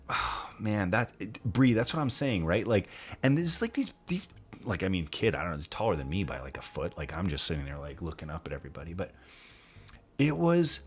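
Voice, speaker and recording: Low-voiced animated male streamer. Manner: animated, laughing, mimics fans in high squeals. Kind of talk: casual live-stream chat.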